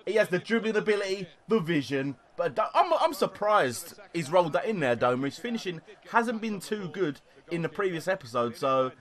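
A young man talks over his football video game match, his voice running a little high and leaping up and down in pitch as he gets excited. He shouts when his team scores and swears at the misses, close to a desktop microphone. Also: a little fast. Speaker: gaming YouTuber. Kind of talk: gameplay commentary. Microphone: desktop USB microphone.

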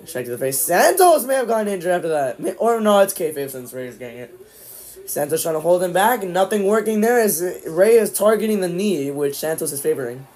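A man streaming live, casually calling the action play-by-play, with sudden excited outbursts. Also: high voice, brisk. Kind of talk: live watch-along commentary.

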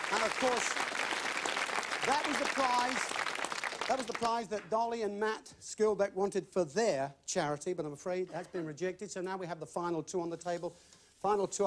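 A man's voice: sits high, background noise. A man hosting a television game show, with chirpy, jokey patter and repeated catchphrases in front of a live audience. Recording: old broadcast recording with audience.

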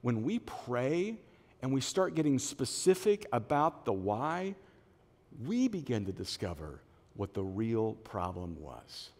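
Male pastor, middle-aged, sermon, storytelling, lively pitch, long church hall reverb. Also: slow. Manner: animated storytelling, acts out quoted voices. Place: church auditorium.

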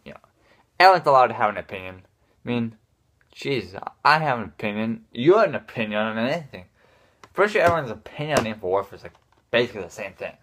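A man's voice: mid-range voice, sing-song, quick pace, fairly bright tone. A man ranting casually to his viewers, frustrated and swearing often, restarting his sentences. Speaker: gaming vlogger.

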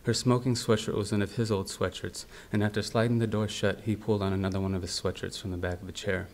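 Measured low-voiced man reading prose. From United States. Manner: steady, measured reading with quiet dialogue. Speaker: author reading his fiction. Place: university library event.

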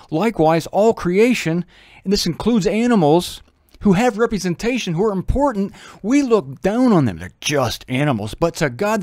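A man's voice: high voice, a little mellow, no echo, clean studio sound. A man giving a conversational, humorous Bible teaching, breaking into little acted voices.

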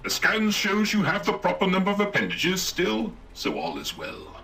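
Pompous robot Captain Ironsides. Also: male voice, wildly swooping pitch, moderate pace, pushed and bright, heavily acted. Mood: commanding. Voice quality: booming formal naval diction. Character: pompous robot ship captain, male, old-fashioned, commanding.

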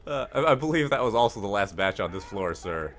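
A man's voice: fairly low pitch, animated, fairly quick, a bit bright. A young man hosting a let's play, reading the game's text aloud and adding wry, casual asides. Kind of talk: casual gaming commentary.

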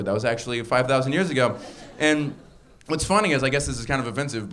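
A man performing a stand-up comedy set on a club stage, talking wryly and jumping his voice up for punchlines. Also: mid-range voice. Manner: wry and animated, voice jumps up for punchlines.

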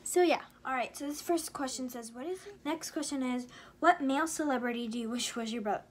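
A woman's voice: high-pitched, fairly quick. A young American woman from Indiana answering questions in a casual vlog, chatty and giggly with many fillers. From Indiana, USA. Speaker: vlogger.

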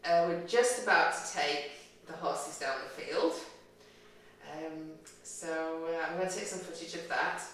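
A woman's voice: low voice, measured pace, fairly bright tone. Hesitant, chatty woman, echoey and distant. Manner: hesitant and self-deprecating, chatty with many fillers. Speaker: horse owner vlogger. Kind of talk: casual talk to camera. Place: outdoors on a farm yard in cold weather. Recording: echoey and distant with faint noise.

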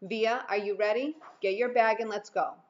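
A woman's voice: medium pitch, steady tone, dull audio, close to an everyday voice. A woman voicing an impatient, breezy father in a read-aloud storybook. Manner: brisk, exasperated. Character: impatient breezy dad heading to work.

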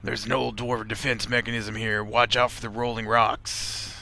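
A man's voice: medium pitch, level tone, moderate pace, gravelly, bright, forceful tone, slight background noise. A man voicing a helpful male dwarf guide, reading game dialogue aloud in a character voice. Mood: warning.

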